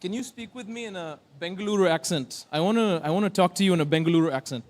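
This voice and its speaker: A man's voice: high voice, fast talker. A man hosting a tech conference on stage, joking and chatting playfully with the crowd. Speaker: conference emcee. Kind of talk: casual stage banter.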